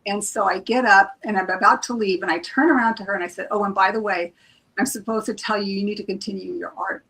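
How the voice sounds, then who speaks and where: A woman's voice: medium pitch, fairly even intonation, quick pace, a bit bright, low-quality recording. A woman, a psychic reader guest, retelling a personal experience in a casual, emotional way, with many restarts and acted-out quotes. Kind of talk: casual storytelling on a live stream.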